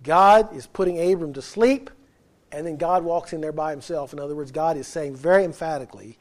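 High-voiced man preaching emphatically. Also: a little fast. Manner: emphatic, asks the congregation questions. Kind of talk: sermon.

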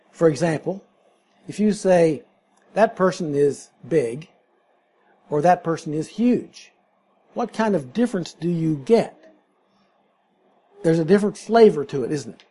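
Man, bible teacher, husky tone, explanatory, asks questions, verse-by-verse teaching. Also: on the high side, dark tone.

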